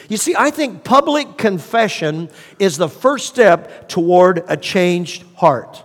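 Male preacher, high-pitched, rhetorical questioning style, long hall reverb. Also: expressive, takes it slowly, hardly any pauses. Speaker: pastor. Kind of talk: sermon.

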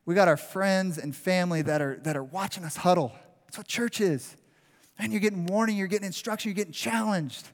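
A man preaches from the pulpit, animated and acting out what a crowd would shout at the players. His voice sits somewhat high for a man. The sound carries a long reverb from the large church sanctuary. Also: a little fast. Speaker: pastor. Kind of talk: sermon.

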